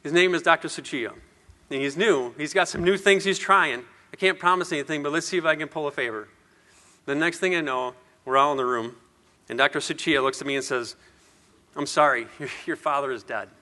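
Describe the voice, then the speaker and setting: A middle-aged motivational speaker, his voice a little high, brisk, bright and forceful, makes an earnest speech. He shares a personal story, poses rhetorical questions to the audience, and repeats words when emotion takes over.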